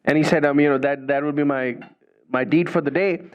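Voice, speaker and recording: A man's voice: a little high, fairly even intonation, brisk, clean tone. A man giving a spiritual talk, telling a story in a conversational way and often tagging phrases with "you know" and "right". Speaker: spiritual speaker. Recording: dull lo-fi recording.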